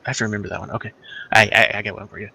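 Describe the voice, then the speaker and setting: A man's voice: fairly low pitch, level tone, racing, gravelly, pushed and bright, slightly rough, exaggerated voice. A man voicing an eager, bouncy male copper dragon who loves riddles and puns. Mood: delighted. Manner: eager, bouncy, joke-telling.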